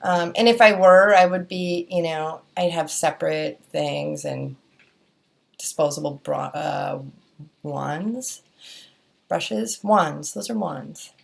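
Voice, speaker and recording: A woman's voice: deep voice, measured pace, creaky. A young woman with a Wisconsin accent, chatting casually through a beauty product review, rambling with lots of fillers and restarts. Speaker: beauty vlogger.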